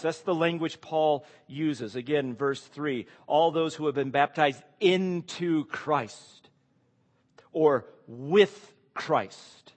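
A man preaching a sermon, asking the congregation questions and stressing key words. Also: on the high side. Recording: long hall reverb.

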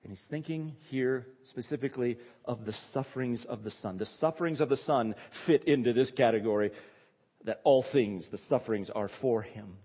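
A man's voice: mid-range voice, mellow, breathy edge, big-room sound. A male pastor preaching a sermon, emphatic and repeating key phrases for stress.

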